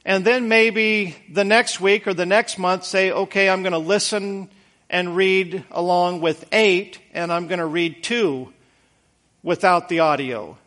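A man's voice: sits high, measured pace, fairly bright tone. A man preaching a conversational sermon in an earnest, folksy way, repeating words for emphasis.

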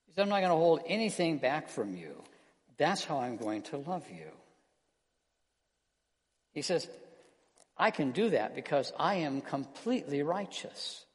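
A man preaching an earnest sermon as pastor, slowing down and softening his voice on key words. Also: a little high, sing-song. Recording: long hall reverb.

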